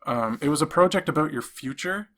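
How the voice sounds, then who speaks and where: A man's voice: a little high, animated, fairly quick, fairly bright tone. A young man from Canada, co-hosting a podcast in casual chat, rambling through stories with many restarts. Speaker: podcast co-host.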